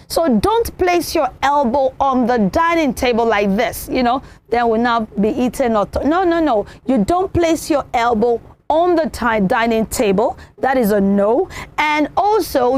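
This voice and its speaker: A woman presenting a children's television show, teaching manners in an animated way and acting out examples. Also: sits high, a little slow. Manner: animated, repeats points, acts out examples.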